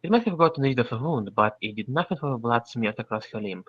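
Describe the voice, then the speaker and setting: Man reading a fan story aloud, lively. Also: medium pitch, fast, no echo. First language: Russian. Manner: lively, with frequent stumbles and throat-clearing. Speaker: reader. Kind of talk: amateur fan-fiction reading. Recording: dry, slightly muffled voice-chat audio.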